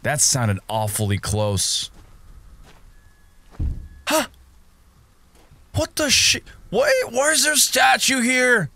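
A gaming streamer, a young man with a very high-pitched, sharp, creaky voice, plays through a horror game slowly and with frequent pauses. His pitch swings enormously as he talks to himself, yelping and gasping at the frights.

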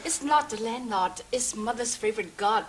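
A woman's voice: a little high, normal speed, noisy background, lightly acted. A young actress playing a cheerful wife who soothes her husband and switches into Cantonese. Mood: cheerful soothing. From Hong Kong. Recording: sitcom studio with audience laughter.

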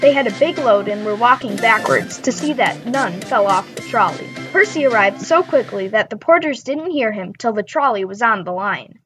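A woman narrating a children's railway story in a brisk, lively way. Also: on the high side, poor audio. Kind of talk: storybook read-aloud. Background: background music.

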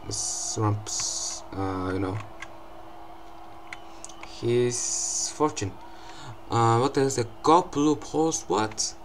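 A young man giving excitable gameplay commentary, swearing often and breaking into loud outbursts and laughs. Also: medium pitch, extremely slow, pauses often, background noise.

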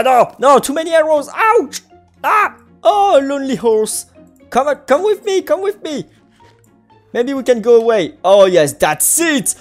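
A game channel host, giving playful let's-play commentary full of exclamations and silly sound effects. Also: mid-range voice.

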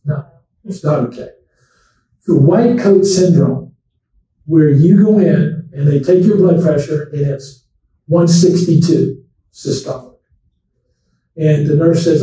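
Folksy doctor in an echoey hall. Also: male voice, on the high side, unhurried, pauses often, dark tone. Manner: folksy storytelling, addresses the audience directly. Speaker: memory doctor giving a talk. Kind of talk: conversational public talk to seniors. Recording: echoey room, distant from the mic.

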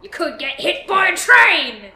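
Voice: very high-pitched, sing-song, measured pace, voice pushed up, exaggerated voice. A performer voicing a dopey male character doing an overacted, fake Australian accent as a public safety warning, in an echoey room. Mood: shouting warning. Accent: put-on Australian. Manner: shouty, overacted.

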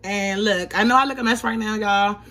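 A young woman talking excitedly in a casual vlog from her home kitchen, chatty and constantly addressing viewers as "y'all". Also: medium pitch, normal speed. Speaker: vlogger.

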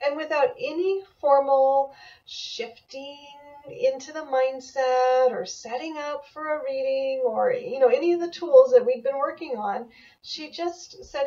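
Enthusiastic female mentor, middle-aged, warm low-brightness tone, muffled distant recording. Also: a little slow. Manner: enthusiastic, animated storytelling. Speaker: animal communicator teaching a class. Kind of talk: mentoring talk to camera. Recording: dull, lo-fi audio from a distance.

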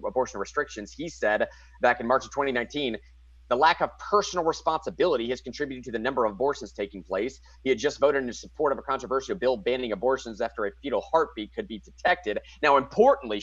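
An excitable man co-hosts a casual political talk show, slangy and quick to react as he reads news items aloud. His voice sits at a middling pitch. The sound is dull and lo-fi, with a dry, close feel. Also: dry recording. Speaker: podcast co-host.

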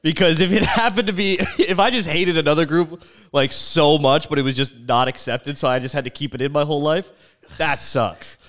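A man's voice: fairly high pitch, fairly quick, a bit bright. A young man co-hosting a podcast, chatting casually with a loose, giggly, profane manner full of fillers. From Ontario, Canada. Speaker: podcast co-host. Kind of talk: casual comedic chat.

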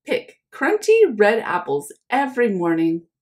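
A woman's voice: mid-range voice, wildly swooping pitch, a little slow, darkish tone. A woman doing a stubborn little storybook boy. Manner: firm, insistent.

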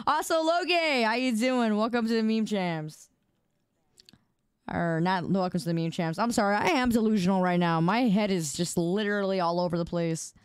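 A woman's voice: medium pitch, moderate pace, smooth, dry recording, clean studio sound. A sleep-deprived woman streamer chatting casually and playfully with her viewers, teasing and pleading. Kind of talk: casual live-stream chat.

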